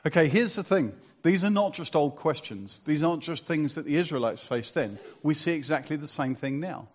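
A man's voice: medium pitch, darkish tone, highs cut off. A man preaching a sermon in a conversational, storytelling way, asking rhetorical questions.

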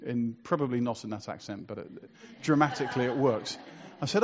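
A man's voice: medium pitch, brisk, highs cut off, noisy background. A man preaching a sermon in a conversational, storytelling way, asking rhetorical questions.

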